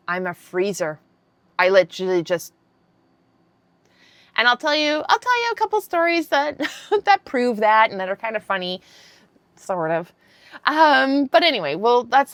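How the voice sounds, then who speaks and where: A woman in her fifties telling a story to camera, animated and candid, swearing freely. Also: mid-range voice, no echo. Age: 50s. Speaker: vlogger.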